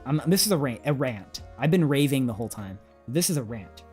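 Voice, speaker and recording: A man chatting on a livestream in a loose, rambling way. He speaks at a mid pitch and fills his sentences with "like" and little chuckles. Faint music plays underneath. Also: very animated, fairly quick, a little mellow. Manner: rambling, fillers, frequent "like", chuckles. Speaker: streamer. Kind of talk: casual livestream storytelling.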